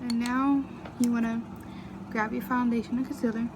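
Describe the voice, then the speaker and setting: A woman's voice: a little high, level tone, normal speed, background noise. A young woman chatting casually through a makeup tutorial, walking viewers through each step in an informal way. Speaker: beauty vlogger.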